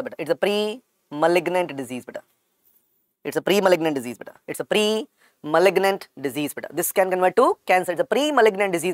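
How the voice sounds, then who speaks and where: A man's voice: high voice, dry recording, studio quality. A man with an Indian accent giving a medical exam-prep lecture, repeating every key point several times and calling his students "beta".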